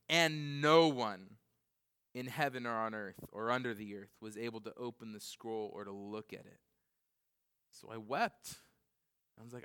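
A man in his thirties delivers a lively sermon at normal speed, smoothly swinging between loud, excited questions and quiet, low scripture reading, laughing often along the way.

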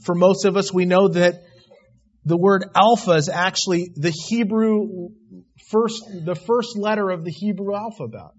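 Husky man preaching a sermon, higher voice, emphatic, muffled recording. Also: steady tone, measured pace. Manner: emphatic, swings between loud declarations and quiet asides. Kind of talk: sermon on Revelation.

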